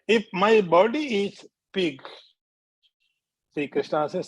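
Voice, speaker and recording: A man teaching scripture as a swami, speaking deliberately, repeating key phrases and chanting short verses. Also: sits high, expressive, breathy edge, no echo. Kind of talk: spiritual lecture.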